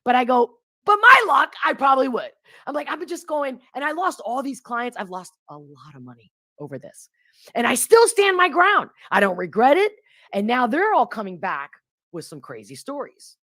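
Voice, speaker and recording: A woman hosting a casual interview, talking in an animated, emphatic way and acting out the voices of people she quotes. Her voice sits a little high and swings widely in pitch. The sound is dry and close, with no room echo. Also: moderate pace. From grew up in Europe.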